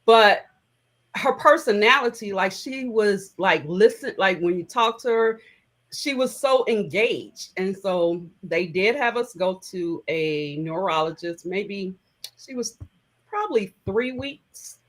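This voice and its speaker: A middle-aged woman, a guest in an interview, reflectively and heartfeltly recounts personal memories in halting phrases. Her voice is medium-pitched with lively intonation, and the recording is rough.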